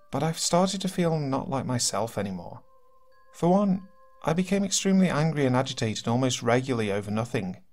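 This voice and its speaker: A man reading submitted horror stories aloud as narrator, in steady, earnest storytelling. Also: mid-range voice. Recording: faint music behind.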